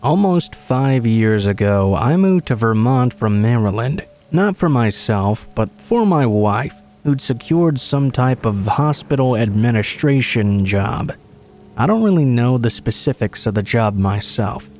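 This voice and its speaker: A man narrating a true horror story in a calm, measured storytelling read. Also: mid-range voice, faint music behind. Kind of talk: scripted narration.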